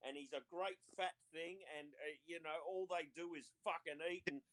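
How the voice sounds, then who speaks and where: A man's voice: on the high side, fairly even intonation, a little fast, fairly bright tone. A man, a guest on a casual podcast, talking bluntly and swearing freely. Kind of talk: casual chat.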